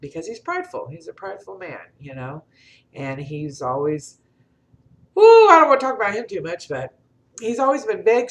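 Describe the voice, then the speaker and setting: A middle-aged woman vlogging in casual chat to camera, telling stories and acting out what people said. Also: low voice. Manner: animated storyteller acting out quotes.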